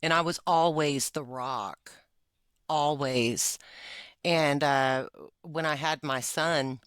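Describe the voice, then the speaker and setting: Woman in her 40s, confessional podcast co-host, crisp bright tone, dry close mic. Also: sits low, measured pace, no room sound. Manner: emotional, confessional, with frequent fillers and laughs. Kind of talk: candid personal conversation.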